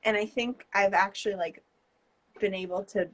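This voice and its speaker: A woman's voice: mid-range voice, fairly even intonation, fairly bright tone, poor audio. A woman in her twenties from New Jersey, with a New Jersey accent, chatting as a guest artist over a video call, hesitant and full of fillers. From New Jersey, USA. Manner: rambling, hesitant, many fillers and quick laughs. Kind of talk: casual chat.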